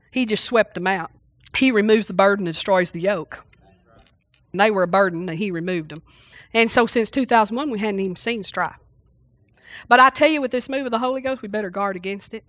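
A woman's voice: a little high, no echo, clean studio sound. Folksy woman preaching. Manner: folksy and animated, acting out voices. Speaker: pastor. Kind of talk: sermon.

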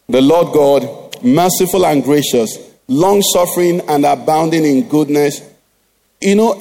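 A man's voice: high-pitched, warm tone. A middle-aged man preaching a sermon in church, often asking the congregation "what?" to finish his lines. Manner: call-and-response questions to the congregation. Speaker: pastor.

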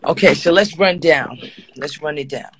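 A woman hosting a casual chat show, telling stories loudly and bluntly with lots of swearing. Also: sits low, moderate pace, crowd noise, rough recording. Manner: loud, profane, animated storytelling. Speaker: host.

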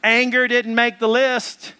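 A male pastor preaching an animated sermon, acting out the voices of the people in the story as he goes. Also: very high-pitched, unhurried, smooth.

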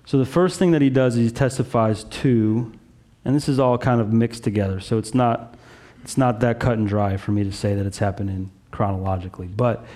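A man's voice: medium pitch, dark tone. A man preaching a sermon as pastor, earnest and conversational, with frequent "like" and "right?" asides.

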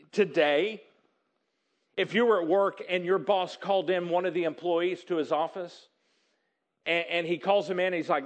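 High-voiced animated male preacher. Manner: animated storytelling, acting out characters with excited outbursts. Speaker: pastor. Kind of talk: sermon.

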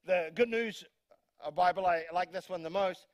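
High-voiced joking pastor, dry close sound. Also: male voice, normal speed, dry recording. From New Zealand. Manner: conversational and humorous, with frequent restarts. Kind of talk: sermon. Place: church congregation.

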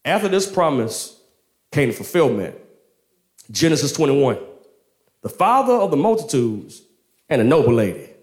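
Male preacher, casual storytelling sermon, slangy, lively pitch swings, medium register. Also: moderate pace, long pauses. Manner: animated, slangy, laughs often.

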